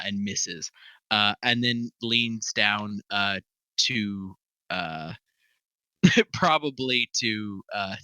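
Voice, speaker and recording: A man's voice: lowish voice, bright, forceful tone, dry recording. A young man narrating as game master, laughing often and swearing casually. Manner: laughing often, loose and profane. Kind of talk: narrating a tabletop game over voice chat.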